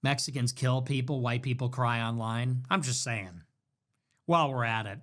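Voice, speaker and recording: A man's voice: medium pitch, moderate pace, fairly bright tone. A young man ranting in a livestream monologue, mocking and sarcastic, slipping into whiny impressions of the people he mocks. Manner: mocking, sarcastic, mimics others in whiny voices. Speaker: livestream political commentator.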